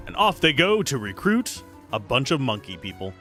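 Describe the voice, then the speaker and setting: A man's voice: mid-range voice, big pitch swings, moderate pace, fairly bright tone, soft background music. A man streaming a game live, playfully reading dialogue aloud and joking about it.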